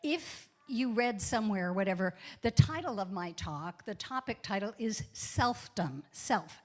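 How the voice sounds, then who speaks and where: A woman's voice: mid-range voice, lively intonation, moderate pace. Chatty woman giving a casual sermon. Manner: chatty and joking, spells words out letter by letter. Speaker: guest minister. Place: church.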